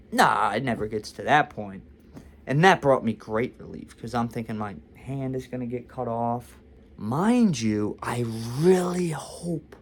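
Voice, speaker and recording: A young man vlogging a casual storytime, talking candidly and confessionally about his own experience. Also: medium pitch.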